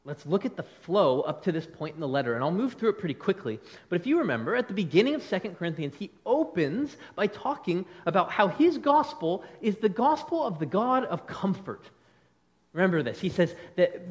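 A male pastor preaching a conversational sermon, acting out quick bits of dialogue as he goes. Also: sits high. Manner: animated, conversational preaching with quick acted-out quotes.

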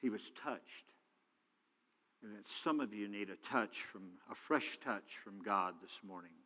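A man preaching a sermon as a pastor, acting out quoted voices with big swings in pitch and loudness. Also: measured pace. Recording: hall reverb.

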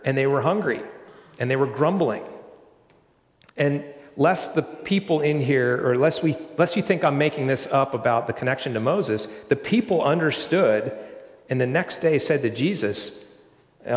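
Man preaching in an echoey hall. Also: mid-range voice. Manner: conversational, explaining scripture with rhetorical questions. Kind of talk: sermon. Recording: echoey hall, long reverb.

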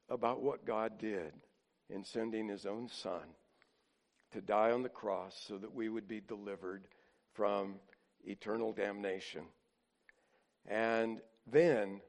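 A man preaching a sermon as a pastor, earnest and conversational, pausing on fillers. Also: medium pitch.

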